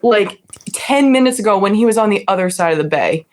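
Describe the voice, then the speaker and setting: A young woman from New England, a podcast guest, telling a story in a chatty, animated way with lots of "like". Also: mid-range voice, a little fast. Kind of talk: casual storytelling.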